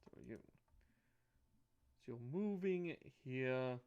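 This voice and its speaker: A man narrating a tabletop game as game master, halting and restarting phrases as he goes. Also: medium pitch, expressive, darkish tone, clear, resonant tone, muffled recording.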